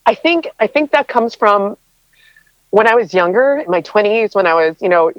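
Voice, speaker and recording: A woman's voice: mid-range voice, animated, fairly quick, no room sound, muffled recording. A woman in her thirties answering interview questions in a chatty, emotional way, with many fillers and laughs. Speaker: interview guest, content creator.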